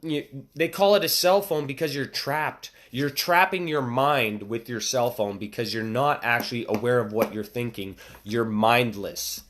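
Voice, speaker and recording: Man, thirties, casual motivational speaker, bursts of emphatic excitement, mid-range voice. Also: mid-range voice, a little slow.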